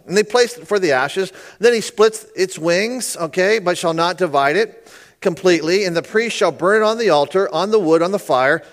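A man with a notably high-pitched voice leads a sermon. He reads scripture aloud and explains it in an easygoing, conversational way, stopping often to check in with the room and slip in a pun. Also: normal speed. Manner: conversational, checks in with listeners, puns and jokes. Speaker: preacher.

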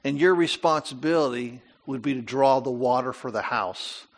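An older man preaching a sermon, animated, with rhetorical questions and asides to the congregation. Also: medium pitch, normal speed. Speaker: pastor.

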